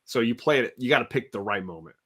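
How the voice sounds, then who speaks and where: A man's voice: mid-range voice, animated, quick pace, sharp tone, husky. Male host, easygoing and casual, steers the chat and reads out viewer comments. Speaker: host of a live comic book show.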